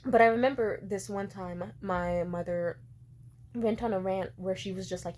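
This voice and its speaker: A woman's voice: mid-range voice, moderate pace, a little mellow. A woman in her twenties telling a story in a casual vlog, rambling and swearing freely with lots of "like". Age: 20s. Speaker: vlogger.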